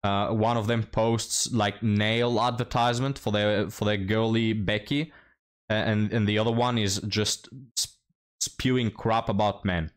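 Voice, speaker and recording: A man's voice: lowish voice, steady tone, a little slow. A man hosting a reaction commentary, blunt and mocking as he talks to his viewers. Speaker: commentary host.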